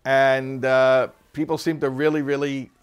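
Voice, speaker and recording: A man teaching a religious text class, explaining ideas in an animated way and acting out little quoted voices. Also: mid-range voice, measured pace, clear, resonant tone, highs cut off. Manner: animated, acts out quoted people, many restarts. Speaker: Torah teacher. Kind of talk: classroom lesson.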